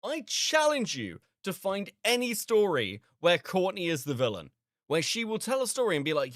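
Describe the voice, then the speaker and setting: Male commentary host, sarcastic and disbelieving, animated swooping delivery, dry close mic. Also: high voice, moderate pace, no echo. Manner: sarcastic, incredulous, swearing a lot. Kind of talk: reaction commentary.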